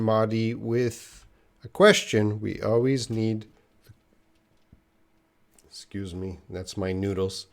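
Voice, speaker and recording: A man teaching a live online English lesson, patiently explaining grammar and answering viewer questions. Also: mid-range voice.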